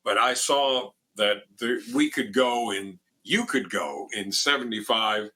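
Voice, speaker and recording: Older male guest, animated raconteur, bright husky voice, restarts often. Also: fairly low pitch, measured pace. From Miami. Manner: animated storyteller, quotes others in raised voice, frequent restarts. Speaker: former foundation president, guest. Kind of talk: storytelling in a radio interview.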